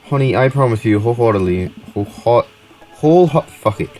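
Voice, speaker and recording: A man's voice: medium pitch, expressive, moderate pace, darkish tone, faint music behind, natural voice, rough recording. A man voicing a goofy middle-aged single dad in a dating game, reading his lines with teasing dad jokes. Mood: playful. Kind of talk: game dialogue read aloud.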